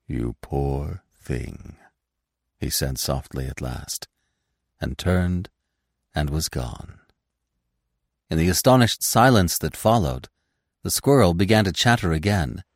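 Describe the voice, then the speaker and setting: A man narrating a classic animal story in an expressive, deliberate reading. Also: deep voice, dry recording, clean studio sound. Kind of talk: scripted audiobook narration.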